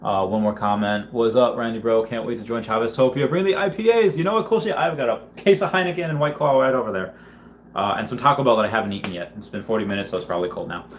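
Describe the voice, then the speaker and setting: A man's voice: on the low side, quick pace, a little hiss or hum. A man casually chatting on a livestream, reading viewer comments aloud and rambling with lots of fillers. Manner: rambling, with many fillers and restarts. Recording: roomy echo.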